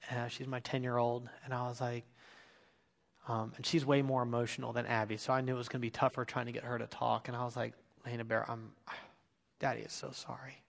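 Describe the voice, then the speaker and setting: A man's voice: medium pitch, level tone, quick pace, gravelly. A man in his thirties giving an earnest, confessional sermon, telling a personal story and urging listeners. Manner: earnest, confessional, rising to emphatic exhortation. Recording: long hall reverb.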